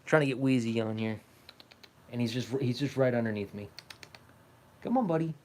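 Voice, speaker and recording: A man's voice: medium pitch, normal speed, darkish tone, a little hiss or hum. A young man hosting a casual livestream, coaxing and fussing over his cat in an affectionate voice. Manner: coaxing, affectionate pet talk. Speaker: livestream host.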